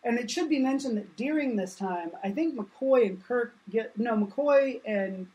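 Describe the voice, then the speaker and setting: A woman's voice: fairly high pitch, lively intonation, a little slow, mellow, poor audio. Wry woman co-hosting a podcast. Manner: wry, crude jokes, chiming in. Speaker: podcast co-host. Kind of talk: casual chat, recapping a movie.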